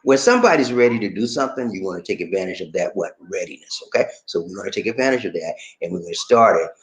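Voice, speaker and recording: In a poor-quality, reverberant recording, a low-voiced man speaks at a quick pace while hosting a casual livestream. He's from Charleston, South Carolina, and he's lively, talking to viewers, reading their comments and laughing a lot.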